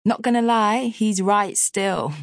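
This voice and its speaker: A woman narrator voicing a sassy, excitable young woman in an audiobook, pitching her voice up high and teasing. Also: moderate pace, breathy edge, no echo, clean studio sound. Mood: playful sass. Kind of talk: audiobook character voice.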